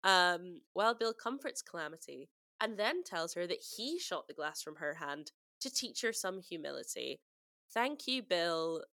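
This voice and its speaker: A bright, forward-sounding woman from the UK talks through a film in loose, animated podcast chat. She laughs easily and jumps in pitch when something amuses her. The sound is dry and close, with no room around it. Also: unhurried, dry recording. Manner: animated, laughs often, quotes film lines in put-on voices. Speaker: podcast co-host. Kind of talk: casual chat.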